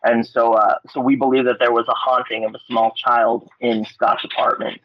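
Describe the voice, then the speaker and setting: A laid-back man from Alaska tells ghost stories in a relaxed, chatty way. He often jumps into loud, high-pitched voices when he quotes people. The audio is dry and a bit dull and lo-fi. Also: normal speed, no room sound. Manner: laid-back, frequent fillers and swearing. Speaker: podcast guest. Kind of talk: casual storytelling.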